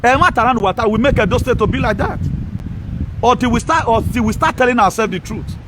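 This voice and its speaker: Scornful high-voiced man ranting. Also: quick pace, background noise. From Nigeria. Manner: scornful, combative, mocking, with frequent laughs. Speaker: social media commentator. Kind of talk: ranting political video monologue.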